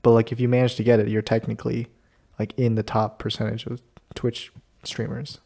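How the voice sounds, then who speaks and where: Man, host, casual chat, easygoing, laughs often, mid-pitched voice. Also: completely flat delivery, a little fast, gravelly, warm tone.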